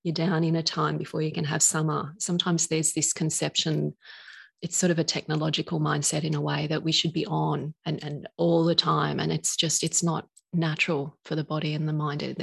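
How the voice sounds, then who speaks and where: Woman guest, low-pitched, gravelly, earnest, laughs often. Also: level tone, fairly quick, fairly bright tone. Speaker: guest, author of oracle decks. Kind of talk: casual interview chat.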